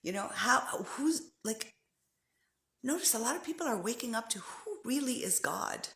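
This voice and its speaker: Woman, spiritual coach, bright voice, gravelly edges, emphatic, echoey room. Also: fairly high pitch, normal speed. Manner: animated, emphatic, swings between loud and hushed. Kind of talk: spiritual pep talk to camera.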